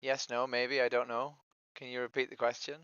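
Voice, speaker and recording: Man, activist streamer, bright tone, persistent questioning, dry lo-fi sound. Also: mid-range voice, level tone, a little fast, clean tone, dry recording. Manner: persistent, repeats his opening line, probing questions. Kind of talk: street-outreach style questioning on voice chat.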